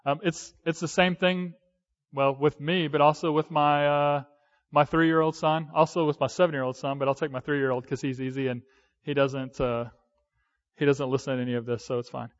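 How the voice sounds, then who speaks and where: A man's voice: a little high, flat delivery, normal speed. A man in his thirties giving a conversational sermon, with hesitant fillers and restarts. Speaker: pastor. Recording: dull lo-fi sound.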